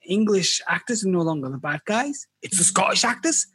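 A teasing, jokey voice chatting casually on a podcast, with a husky edge. The pitch swings around a lot, and the sound is close and dry. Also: big pitch swings, a little fast, fairly bright tone, no room sound. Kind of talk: casual chat.

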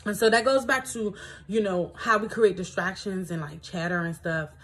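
A young woman from Washington, D.C. hosts a podcast, reflecting in a loose, rambling way full of fillers and drifting between her own life and lines she reads from a self-help book. Her husky, slightly breathy voice sits at a middle pitch for a woman, fairly bright and fairly even in intonation, at a normal speed.

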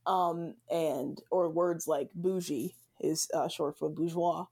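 A woman's voice: deep voice, steady tone, slow, mellow, breathy edge. A woman chatting casually as a guest, full of fillers and frequent laughter. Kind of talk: casual conversation. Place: Southern United States.

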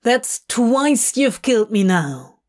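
Woman doing a grumpy sour demon guy, kinda high, slow and annoyed. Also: sing-song, a little mellow. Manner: sour, irritable. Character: sour, grumpy male demon just dead. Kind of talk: podfic voice acting.

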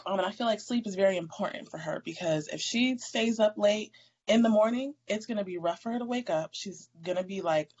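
A woman speaks in a relaxed, chatty way as a podcast guest, breaking into laughter often. Her pitch sits mid-range for a woman. Her audio comes through dull and lo-fi. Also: brisk. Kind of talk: casual podcast chat.

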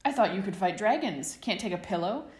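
Casting: a woman doing a cocky, boisterous teen schoolboy, audiobook read, lowish voice. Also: animated, moderate pace, a little mellow, reverberant. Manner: teasing, boisterous. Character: young teenage boy, brash wizard schoolboy.

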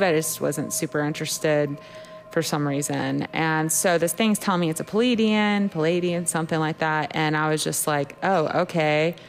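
A woman's voice: deep voice, creaky. A young woman co-hosting a podcast, telling a story in a casual, rambling way, full of "like" and the odd swear word. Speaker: podcast co-host.

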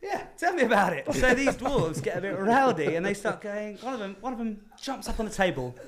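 A man hosting a podcast, telling a story in a casual, animated way and laughing as he goes. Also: high voice, a little fast, over a noisy crowd. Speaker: podcast host.

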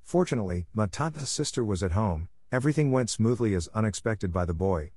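A man reading a story aloud in a measured, slightly halting way. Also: lowish voice, expressive, darkish tone, breathy edge.

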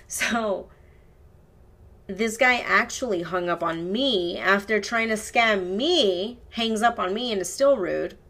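A woman hosts her own podcast with a casual solo storytelling monologue. She rambles, swears freely and stops to correct herself mid-sentence. Her voice sits at an ordinary middle pitch for a woman. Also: a bit bright. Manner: rambling, profane, self-correcting. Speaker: podcast host.

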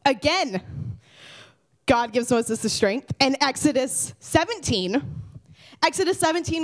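A young woman giving a casual devotional talk to teens, lively and conversational, swinging from loud to hushed. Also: high voice, unhurried, pauses often. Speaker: youth speaker.

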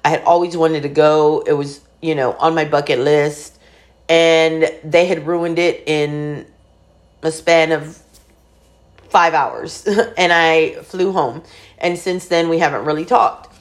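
A somewhat low-voiced woman in her forties talks straight to the camera about her own life. She is blunt and swears freely, and she fills her sentences with "like" and "um" as she goes. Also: fairly even intonation, slow pace. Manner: frank, profane, chatty with many fillers. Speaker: vlogger. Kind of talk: candid personal storytelling.

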